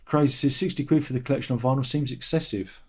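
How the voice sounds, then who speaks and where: A man's voice: quick pace, slightly rough. A middle-aged man, hosting a casual livestream chat in a sardonic, grumbling way. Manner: sardonic, grumbling, mocks commenters in a high whiny voice. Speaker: channel host.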